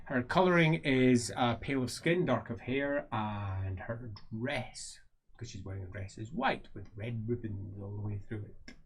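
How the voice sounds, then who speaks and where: A man's voice: medium pitch, lively intonation, unhurried, slight background noise. A man narrating as game master for a tabletop role-playing game, describing scenes with fillers.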